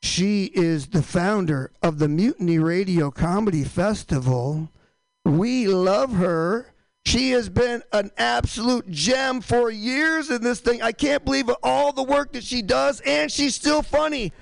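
High-voiced gravelly man hosting stand-up. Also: unhurried, no echo, poor audio. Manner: rambling, self-interrupting, profane. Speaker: comedy show host. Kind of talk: stand-up comedy. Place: small comedy room.

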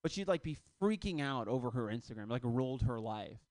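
A man in his thirties doing a loose stand-up set on a club stage, with shouted punchlines. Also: mid-range voice, animated, fairly quick, no echo. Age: 30s. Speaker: stand-up comedian.

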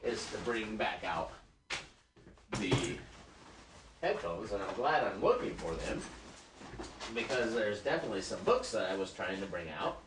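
In a small community radio studio, a podcast host rambles through a casual monologue, loosely drifting between topics and speaking directly to his listeners. His voice is lowish, and the recording is reverberant with a noisy background.

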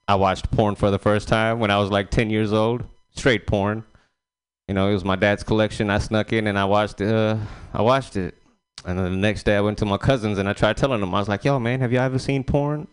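A man's voice: lowish voice, steady tone, normal speed, clean tone. A young man performing an open-mic stand-up set, profane and loose, laughing at his own jokes. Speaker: stand-up comedian.

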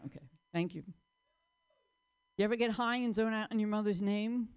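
A woman's voice: medium pitch, lively intonation, measured pace, pauses often, darkish tone, clean tone. A woman doing a stand-up comedy set on stage, rambling through self-deprecating jokes. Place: stage before a live audience.

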